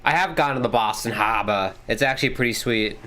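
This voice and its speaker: A young man hosting a live hockey watchalong stream, mixing casual chat with quick play-by-play calls that rise as the action heats up. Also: medium pitch, pushed and bright, slight background noise. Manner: rapid, rising calls during plays. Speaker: livestream host.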